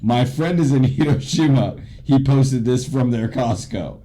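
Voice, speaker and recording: A man's voice: mid-range voice, measured pace, mellow. A man co-hosting a casual group podcast, stammering and hesitating, with playful swearing. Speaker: podcast co-host.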